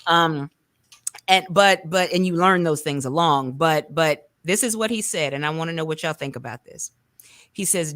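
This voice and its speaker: Sharp-voiced talk show host woman. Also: low-pitched, normal speed, no echo. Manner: animated, rambling with self-corrections, colloquial asides. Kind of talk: casual conversational interview.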